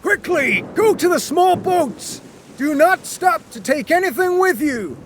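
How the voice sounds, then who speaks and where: A man voicing a stern ship captain who shouts loud, urgent orders during a storm at sea. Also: very high voice, lively intonation, measured pace, a little hiss or hum, voice pushed up. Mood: urgent shouting.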